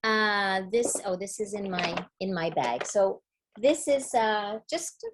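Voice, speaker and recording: Middle-aged Canadian woman, reading educator, lively demonstrative webinar delivery, carefully enunciated. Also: medium pitch, slow, noisy background. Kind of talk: webinar presentation.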